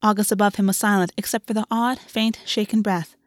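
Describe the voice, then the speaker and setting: This is scripted narration of a fantasy novel by a woman whose mid-range voice reads in a measured, even way. The audio is clean studio sound with no room ambience.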